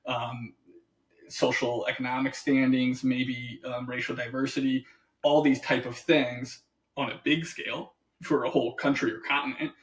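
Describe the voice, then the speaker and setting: A man co-hosting a podcast in casual chat, animated, acting out what other people say and laughing often. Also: mid-range voice, moderate pace. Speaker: podcast co-host.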